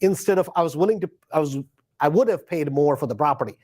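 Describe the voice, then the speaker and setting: A man's voice: a little high, expressive, quick pace, a little mellow. A middle-aged man, a real estate investor, telling a story in a live stream and animatedly acting out both sides of a conversation.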